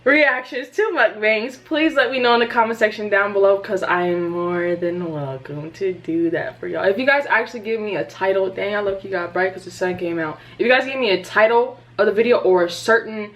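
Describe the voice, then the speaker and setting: A woman's voice: medium pitch, fairly quick, hardly any pauses. A woman in her twenties hosting a reaction vlog, chatting casually and playfully to her viewers with plenty of informal slang. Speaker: YouTube reaction host. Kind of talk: casual outro chat to viewers. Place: indoors at home, sunlit room.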